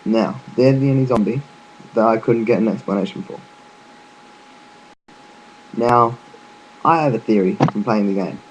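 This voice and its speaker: Low-voiced man rambling casually. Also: moderate pace, long pauses, dull audio, a little hiss or hum. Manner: loose and chatty, with frequent fillers and restarts; offhand, with occasional swearing. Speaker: gaming video narrator.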